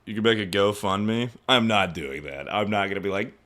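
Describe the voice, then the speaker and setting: A young man streaming, chatting casually and profanely about his injury, mocking himself with sudden loud outbursts. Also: fairly low pitch, expressive, moderate pace, few pauses. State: injured, in pain. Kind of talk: casual livestream chat.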